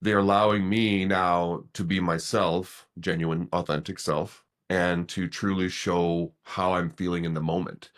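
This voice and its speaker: A man's voice: low voice, steady tone, a little slow, few pauses. A man hosting a podcast, reflecting on a personal experience and building up a question to his guest with many restarts. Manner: thoughtful, searching, repeats words as he builds questions. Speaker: podcast host. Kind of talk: podcast interview.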